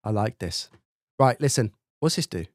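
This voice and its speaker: A man's voice: lowish voice, animated, moderate pace, no echo. A man hosting a live stream in casual chat, thinking aloud and testing his microphone up close with repeated checks. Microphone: studio dynamic mic, close up.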